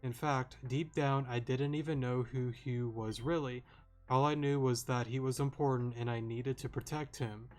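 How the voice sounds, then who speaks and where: A man's voice: mid-range voice, steady tone, a little mellow, lightly acted. A man reading as a remorseful young woman detective. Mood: solemn. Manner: slow, earnest reading aloud.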